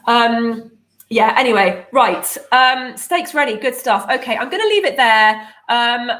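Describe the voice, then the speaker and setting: A woman's voice: fairly high pitch, expressive, measured pace, a bit bright. A woman hosting a casual live stream, bubbly and chatty with lots of fillers. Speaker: host of a nutrition membership livestream.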